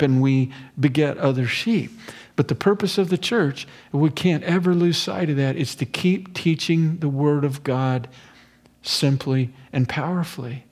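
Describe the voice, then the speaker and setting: A man's voice: on the high side, darkish tone. A male pastor preaching an expository sermon in an earnest, conversational way with casual asides.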